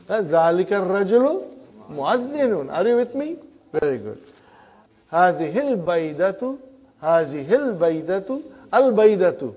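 A man with a voice that sits high teaches an Arabic grammar class, coaxing students through exercises in a classroom lesson. He repeats their answers back and teases them gently.

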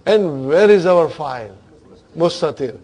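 A man's voice: fairly high pitch, lively intonation, a little slow, darkish tone. A man teaching a grammar class, questioning his students and checking in with them often.

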